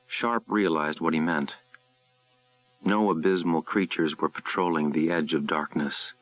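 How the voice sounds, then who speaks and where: A man narrating a thriller audiobook in a measured, suspenseful way. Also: rumbling low, fairly even intonation. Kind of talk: scripted narration.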